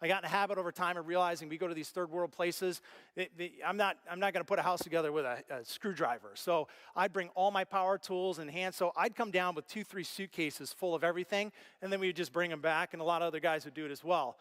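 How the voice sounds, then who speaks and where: High-voiced animated preacher man. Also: fast. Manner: animated storyteller, acts out his own reactions. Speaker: pastor. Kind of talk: sermon.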